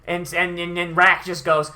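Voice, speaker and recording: Brief: bright-toned anime reviewer, profane, fed up, heavy sighs. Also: medium pitch, little pitch movement, normal speed. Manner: profane, exasperated, sighing. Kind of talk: ranting watch-along commentary.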